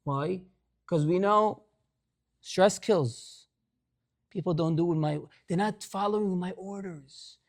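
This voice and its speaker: A man, a congregation rabbi, preaching in an animated storytelling way and mixing in Hebrew phrases. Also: sits high, slow, pauses often. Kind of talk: sermon. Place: synagogue.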